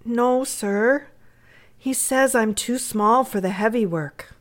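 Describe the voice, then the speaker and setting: A woman's voice: on the high side, takes it slowly, voice pushed up. A woman voicing an earnest young boy who is eager to please.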